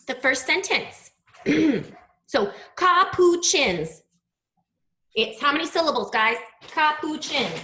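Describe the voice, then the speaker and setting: A woman teaching young children in an online class, talking slowly and patiently, spelling out sounds. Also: sits high, sharp tone.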